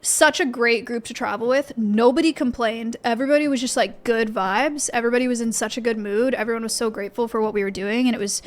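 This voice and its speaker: Talking quickly with hardly any pauses, a young streamer chats with her viewers from her home office in a highish voice. She rambles, filling her speech with fillers and restarting her sentences.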